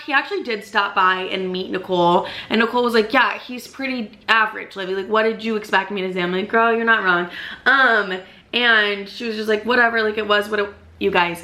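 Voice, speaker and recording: A young woman vlogging a casual storytime, animated and full of "like" and swearing. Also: mid-range voice. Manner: swears a lot, animated, fills with "like".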